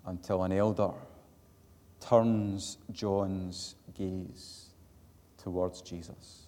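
A Scottish man preaching a sermon, telling an earnest personal story that swells to loud emphatic peaks and sinks back to quiet. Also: low-pitched, flat delivery, extremely slow. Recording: long hall reverb.

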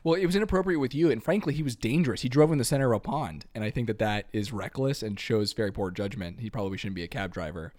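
Playful male improv host, mid-pitched, narrates and coaches. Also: expressive, a little mellow. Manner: playful, talking quickly between narrating and voicing characters. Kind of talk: improvised comedy role-play. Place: New York.

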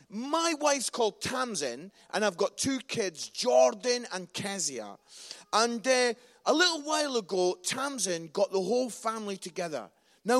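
A middle-aged Scottish man preaching from the front, his voice sitting high for a man. He tells his stories with lots of humour and acts out the quarrels with sudden raised voices. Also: a bit bright. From Scotland. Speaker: visiting preacher. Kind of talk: humorous sermon storytelling.

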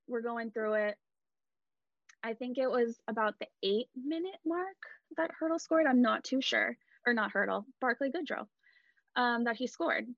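A woman retelling a night as a hockey fan, animated and emphatic, recorded dull and dry. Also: a little high, no room sound. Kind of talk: excited fan storytelling.

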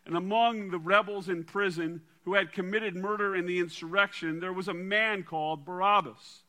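High, bright-voiced male preacher. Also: steady tone, normal speed. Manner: dramatic, drops to a quiet low voice for emphasis. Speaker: pastor. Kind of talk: sermon with scripture reading.

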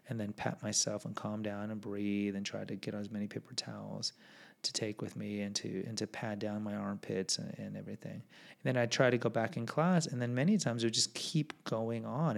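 A man's voice: mid-range voice, gravelly. A young man reading from his own memoir and commenting on it in a casual, candid, self-deprecating way, with frequent asides and restarts. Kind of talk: casual personal storytelling.

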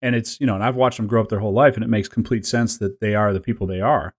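A man's voice: fairly low pitch, steady tone, fast talker, breathy edge. A man in his forties, co-hosting a podcast in casual, rambling chat, joking and laughing often. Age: 40s. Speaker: podcast co-host.

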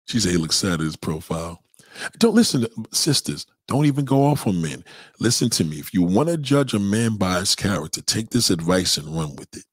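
Brief: low, husky male livestream host, heated and profane, dry close sound. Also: animated, fairly quick, a little mellow, no echo. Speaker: livestream host reading chat. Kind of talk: casual livestream rant.

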